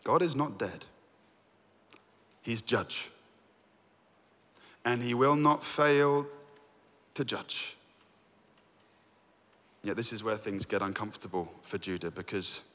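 A man teaching through a Bible book, reading verses aloud and telling it with lively storytelling. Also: on the low side, takes it slowly, pauses often. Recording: long reverb.

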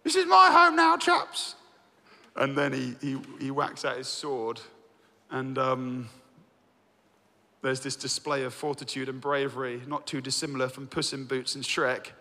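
A man teaching through a Bible book, reading verses aloud and telling it with lively storytelling. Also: medium pitch, a little slow. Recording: long reverb.

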